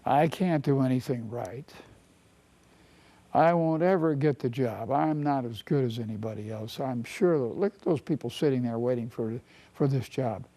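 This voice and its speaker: A therapist speaking as a nervous, self-doubting inner critic voice in slow, hushed, half-whispered self-talk. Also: male voice, medium pitch, slightly rough, voice pushed down.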